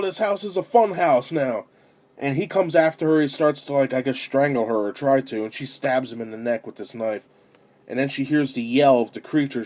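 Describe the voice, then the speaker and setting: A man giving a casual spoken film review, animated as he retells the story, with fillers and restarts. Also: medium pitch. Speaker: amateur movie reviewer.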